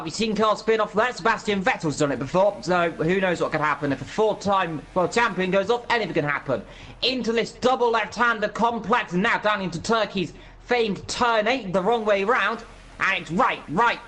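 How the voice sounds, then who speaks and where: High-voiced racing commentator man. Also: normal speed. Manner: energetic, playful track walkthrough. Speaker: esports race commentator. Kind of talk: live sim racing commentary.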